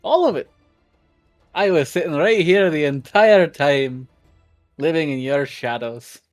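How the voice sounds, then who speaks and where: A man's voice: a little high, expressive, measured pace, dry recording, soft background music. A man voicing a sly, cheeky male bugbear rogue with a Scottish accent in a tabletop game. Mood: amused.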